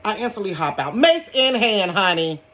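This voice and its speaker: An older woman, telling a story in a dramatic, animated way and calling her viewers honey and baby. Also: medium pitch, moderate pace. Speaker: vlogger. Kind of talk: casual storytime. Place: bedroom.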